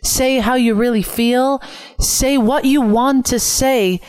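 A woman's voice: a little high, slow, darkish tone, clean tone. Earnest young Canadian woman podcaster. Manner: earnest, reflective, repeats phrases for emphasis. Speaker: podcast host. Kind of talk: solo podcast talk. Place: home room, window open.

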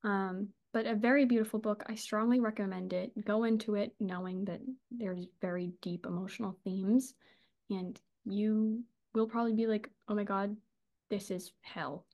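A woman's voice: medium pitch, fairly even intonation, moderate pace, lo-fi sound. Gushing chatty woman podcast host. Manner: gushing, chatty, swears and laughs often. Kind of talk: casual book chat.

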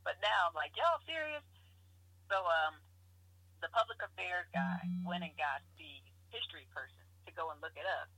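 A woman guest telling her story in a casual interview, animated and often laughing as she acts out what people said. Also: sits low, moderate pace, breathy edge, no echo, poor audio.

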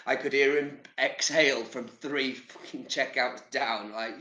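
A man's voice: mid-range voice, steady tone, unhurried, few pauses, pushed and bright, echoey room. An English man giving casual motivational talk to camera, chatty and rambling, with casual swearing. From England. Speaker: vlogger.

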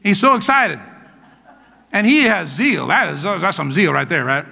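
Fiery, bright-voiced male pastor preaching. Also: high-pitched, very animated, normal speed, creaky. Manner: exclamatory, call-and-response, keeps urging "come on". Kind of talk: energetic sermon. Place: church sanctuary. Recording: long church hall reverb.

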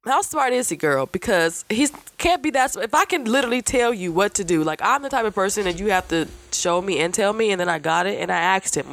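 Woman podcast host, casual and profane, with a lively, swinging pitch; acts out quotes in the story. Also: brisk. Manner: animated, profane storytelling with mimicked voices. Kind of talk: casual chat.

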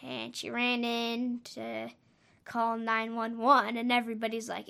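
A woman's voice: fairly high pitch, monotone, a little slow, vocal fry, bright, forceful tone. A woman telling a story for her podcast, rambling and hesitant, often trailing off and correcting herself.

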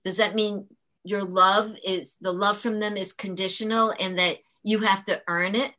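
Woman, teacher, interview guest, earnest explainer, mid pitch. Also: steady tone, normal speed, bright, forceful tone, slight background noise. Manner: earnest, explanatory, with frequent restarts. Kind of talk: conversational interview storytelling.

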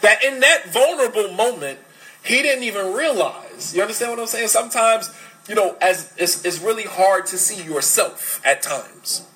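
A man's voice: high-pitched, animated, sharp tone, rough recording. A man giving a religious lecture on parenting, emphatic and full of rhetorical questions. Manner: switches to fast Arabic recitation. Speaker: Islamic lecturer.

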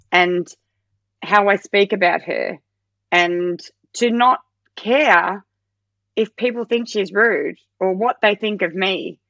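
A woman, mid-pitched, tells lively personal stories in a relaxed interview chat. She lifts her voice sharply higher to act out things she once said. The recording is dry, with slightly muffled highs. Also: dry recording. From Australia. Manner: animated storytelling, acts out her own quoted lines in a much higher voice. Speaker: podcast guest.

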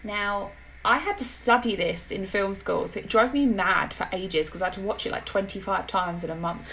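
Woman, from Britain, podcast co-host, gravelly voice, faint background hiss. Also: mid-range voice, moderate pace, poor audio. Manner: chatty, animated, laughs easily. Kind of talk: casual chat.

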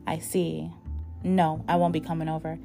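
Woman voicing a dismissive boyfriend, low and mellow. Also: level tone, normal speed, gravelly, soft background music. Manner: dismissive then pleading. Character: young adult man, dismissive, manipulative boyfriend.

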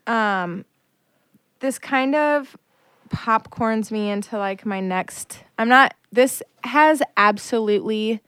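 A woman's voice: fairly high pitch, slow pace, a bit bright, clear, resonant tone, no echo, studio quality. A young woman co-hosting a casual podcast, telling a long story in a chatty way full of fillers. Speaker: podcast co-host. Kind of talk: casual chat.

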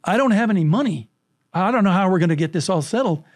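A man's voice: high-pitched, lively intonation, fast talker. A man voicing a proud, worried father who insists he cannot pay. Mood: anxious. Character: proud, worried middle-aged father, short of money.

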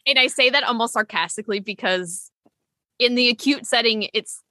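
A woman's voice: a little high, normal speed, sharp tone, no echo. A woman in her thirties, a nurse, chatting candidly in an interview with plenty of fillers and self-corrections. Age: 30s. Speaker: nurse and clinical educator, guest. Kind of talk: casual interview chat.

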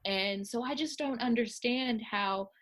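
A woman voicing a grand, self-regarding older actress famed as a sitcom mother, speaking slowly and stately with haughty poise. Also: a little high, fairly bright tone. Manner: slow, stately, haughty speech. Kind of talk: comedic impression.

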